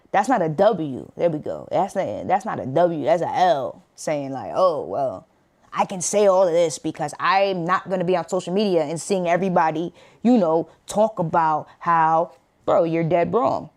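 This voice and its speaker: A woman streamer with a New York accent gives loose, slangy reaction commentary. Her voice sits on the low side for a woman. She keeps chuckling between points and pops up into sudden high-pitched asides. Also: darkish tone.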